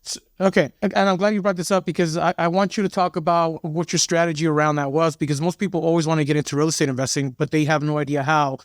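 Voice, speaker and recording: A man's voice: a little high, flat delivery, fast, hardly any pauses, no room sound, clean studio sound. A man hosting a podcast, asking eager questions that he stacks one after another. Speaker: podcast host. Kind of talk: casual podcast interview.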